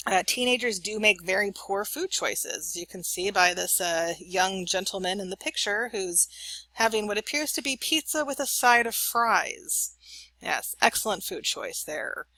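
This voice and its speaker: A woman's voice: mid-range voice, animated, unhurried, bright, forceful tone, dry recording. A middle-aged woman giving a recorded college lecture in a chatty, anecdotal way, often checking in with "right?".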